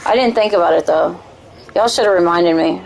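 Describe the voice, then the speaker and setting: A woman with a Southern country accent, chatting and teasing excitedly while streaming a game. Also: lowish voice, a little fast, vocal fry, low-quality recording. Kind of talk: casual live-stream gaming chat.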